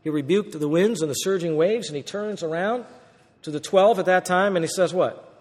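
Male pastor, higher voice, animated sermon with acted-out quotes, long hall reverb. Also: normal speed. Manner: animated preaching, acting out quoted voices, rhetorical questions.

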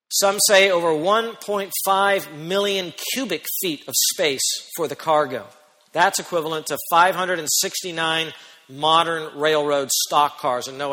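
A man preaching a sermon as pastor, who speaks emphatically and rises to near-shouts on key points. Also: on the high side, long reverb tail.

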